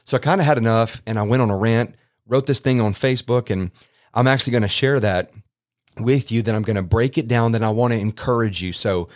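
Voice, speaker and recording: A man's voice: medium pitch, a little fast. A man hosting a faith podcast, talking earnestly in a loose, rambling way with many restarts. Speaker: podcast host. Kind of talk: casual podcast preaching. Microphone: podcast microphone.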